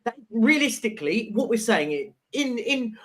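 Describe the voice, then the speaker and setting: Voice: mid-range voice, sing-song, a little slow, a bit bright. A co-host in a football chat, reasoning his way through a ranking step by step.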